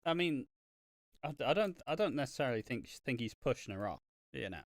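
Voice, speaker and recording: A man's voice: mid-range voice, very animated, a little fast, no room sound. A man co-hosting a wrestling podcast in casual, profane chat, joking and slipping into silly impressions. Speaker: podcast co-host.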